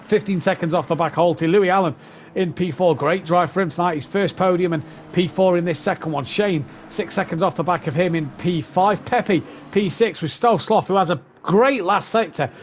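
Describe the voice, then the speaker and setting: A man's voice: sits high, slight background noise. A man commentating a sim race, chatty as he runs through positions and gaps.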